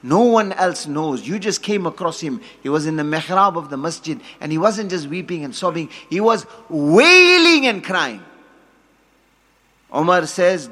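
Male preacher, high voice, bright tone, sermon with Arabic quotes. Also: lively intonation, measured pace. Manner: storytelling, quotes Arabic, rises to forceful emphasis.

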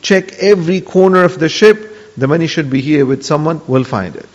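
A man's voice: a little high, normal speed, lightly acted. A man voicing a stern, commanding ship captain within a spoken story. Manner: barking orders. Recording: dull lo-fi audio with long hall reverb.

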